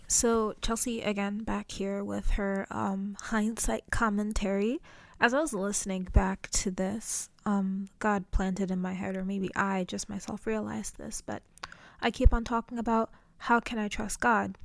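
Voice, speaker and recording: A woman's voice: medium pitch, gravelly, dry recording. A young woman vlogging in an earnest, chatty way about her faith, with many fillers. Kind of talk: casual faith vlog talk.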